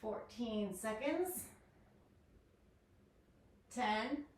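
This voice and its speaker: A woman's voice: a little high, expressive, drawn-out words. A woman leading a home workout, counting down each set and cheering viewers on. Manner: counts down reps, upbeat and encouraging. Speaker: fitness instructor. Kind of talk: guided workout instruction. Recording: echoey room, distant mic, faint noise.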